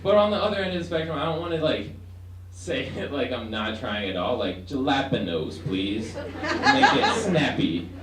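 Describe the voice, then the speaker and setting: A man's voice: fairly high pitch, brisk. Young man, stand-up comedian, hesitant rambling delivery, roomy echo, faint hiss. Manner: rambling, hesitant, acts out voices. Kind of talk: stand-up set. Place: student comedy room with audience. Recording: echoey room, far from mic, faint noise.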